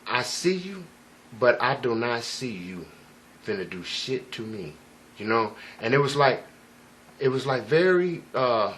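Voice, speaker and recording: A man recounts a personal story in loose, meandering fashion. His talk is emphatic and salted with profanity and constant check-ins with the listener. His voice sits at an ordinary middle pitch for a man. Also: fairly bright tone, a little hiss or hum. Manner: rambling, profane, emphatic, frequent "you know what I'm saying". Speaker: vlogger. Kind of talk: casual first-person storytelling.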